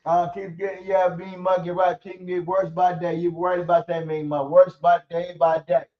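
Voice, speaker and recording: This streamer's angry sports rant targets his football team, full of profanity. His voice is high-pitched with little pitch movement and a moderate pace, and the distant mic makes the audio dull.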